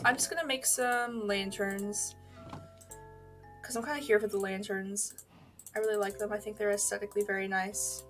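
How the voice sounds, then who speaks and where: A woman with a mid-range, fairly bright voice streams a video game while chatting casually. She rambles from one topic to the next, swears freely, and answers questions from her chat.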